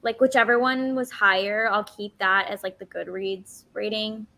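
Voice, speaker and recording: A woman co-hosts a live reading stream over a video call. She sounds relaxed and easygoing, scattering "like" through her sentences and laughing easily as she chats. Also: medium pitch, moderate pace, creaky, a little hiss or hum.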